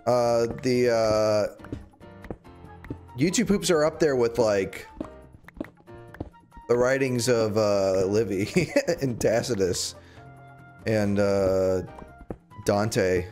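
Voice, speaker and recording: A man's voice: on the low side, drawn-out words, pauses often, darkish tone, soft background music. A young man chatting casually while streaming a game, rambling with jokey, sarcastic asides. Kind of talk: casual livestream chat while gaming.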